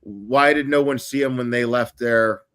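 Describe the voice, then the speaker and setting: A man's voice: mid-range voice, normal speed, a bit bright, clean tone. A male host on a casual livestream, explaining a timeline step by step with frequent ums and uhs.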